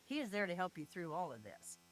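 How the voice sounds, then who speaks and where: A woman's voice: on the low side, very animated, fast, low-quality recording. An older retired woman speaking earnestly and from the heart in an interview, leaning on her faith and family. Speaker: grieving mother and guest.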